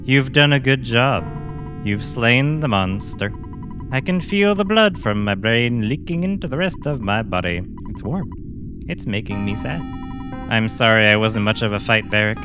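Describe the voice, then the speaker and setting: A man's voice: mid-range voice, expressive, moderate pace, music in the background, close to an everyday voice. A man voicing a pitiful old male scientist turned monster, whiny and pleading. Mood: mournful. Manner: whiny, pleading, self-pitying.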